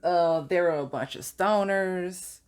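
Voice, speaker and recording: A woman's voice: lowish voice, slow pace, a little mellow, clean tone. A young adult woman telling stories from her college years in a casual, chatty way, now and then laughing at her own story. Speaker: vlogger.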